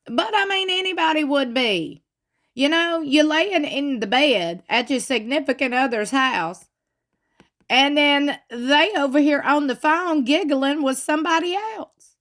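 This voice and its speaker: A woman's voice: high-pitched, measured pace. Chatty woman gossiping. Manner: chatty, gossipy, animated retelling with laughs. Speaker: reality TV commentator. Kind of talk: casual commentary.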